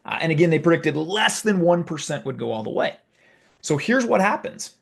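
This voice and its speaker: A man hosting a video, telling a story in a casual, animated, conversational way. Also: on the high side, moderate pace, gravelly, breathy edge. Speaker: video host. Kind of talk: casual talk to camera.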